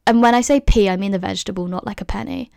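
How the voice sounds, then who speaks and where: A woman's voice: mid-range voice, quick pace, gravelly, darkish tone, no echo, clean studio sound. A woman in her twenties from the UK, telling a story in a chatty, casual way with lots of fillers and laughs. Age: 20s. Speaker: vlogger.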